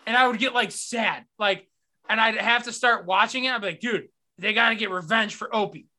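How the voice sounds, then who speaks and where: A man hosting a casual podcast, telling stories with lots of profanity and animated retellings. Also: high voice, a little fast. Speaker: podcast host. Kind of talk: casual sports podcast chat.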